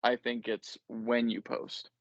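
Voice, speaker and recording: A man talks casually as host, rambling through his thoughts and poking fun at himself. His voice sits at an ordinary pitch. The recording is dry and a little muffled, slightly lo-fi. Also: monotone, slow pace, no echo. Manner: rambling, self-deprecating, laughs easily. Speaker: podcast host. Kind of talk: casual chat.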